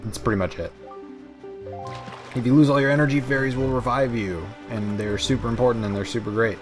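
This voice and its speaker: Over music, a young man hosts a let's play, his mid-range voice moving a little fast. His gameplay commentary rambles, pokes fun at himself, and is packed with fillers.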